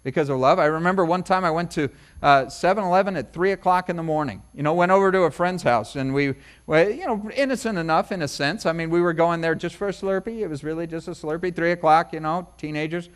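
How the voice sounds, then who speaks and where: A man's voice: fairly high pitch, fast, hardly any pauses, smooth. A middle-aged man preaching as a pastor, in a conversational sermon full of asides and personal stories. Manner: chatty, storytelling, many asides. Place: church service.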